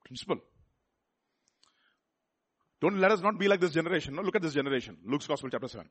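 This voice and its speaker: A man with a Telugu accent preaching a sermon, repeating words and building up to loud rhetorical questions. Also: on the high side, expressive, fast talker, breathy edge. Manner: repeats words and restarts phrases.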